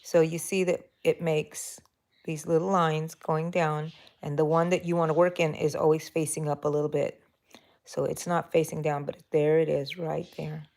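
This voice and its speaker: This deep, level voice belongs to a woman with a Texan accent running a laid-back crochet tutorial stream. She speaks at normal speed with vocal fry and a slightly mellow quality, chatting to her audience and to herself as she crochets.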